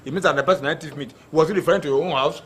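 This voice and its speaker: A man's voice: fairly high pitch, very fast, a bit bright, breathy edge. A man playing a chatty landlord at a residents' meeting. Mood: emphatic. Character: talkative male landlord, agreeable meeting member.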